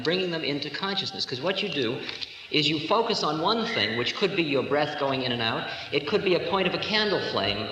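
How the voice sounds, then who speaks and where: A man's voice: fairly high pitch, sharp tone. A man in his forties giving a humorous, storytelling spiritual lecture to a live audience. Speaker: spiritual teacher. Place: lecture hall. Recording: echoey 1970s hall recording with hiss.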